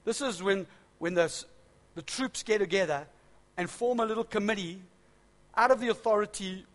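A man's voice: high voice, moderate pace. A middle-aged man preaching a sermon, reading scripture and explaining it with conversational asides and light humor.

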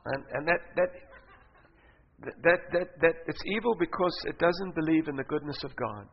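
A middle-aged man preaching a sermon as pastor, emphatic, swinging from loud declarations to quiet asides. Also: on the high side, normal speed. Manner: emphatic preaching, rising loud then dropping soft. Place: large church hall. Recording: dull muffled sound with long reverb and faint noise.

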